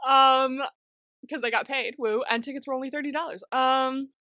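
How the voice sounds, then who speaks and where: Excitable young woman on a podcast, bright voice, a bit high, swears a lot, dry close sound. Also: moderate pace, no room sound. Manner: excitable, swears freely, laughs often. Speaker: podcast co-host. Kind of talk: casual chat.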